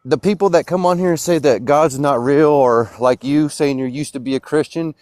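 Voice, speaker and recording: Man, heated debate, insistent, preachy, higher-pitched, dry close mic. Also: normal speed, no room sound. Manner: insistent and preachy, rising to loud outbursts. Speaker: Christian caller in a debate. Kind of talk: heated live-stream debate.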